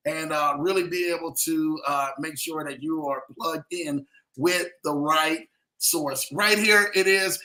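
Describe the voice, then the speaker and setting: A man's voice: a little high, unhurried, bright, forceful tone. A man hosting a livestream show, hyped and repeating phrases as he calls out viewers by name. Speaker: host. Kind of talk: upbeat livestream talk. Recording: roomy echo.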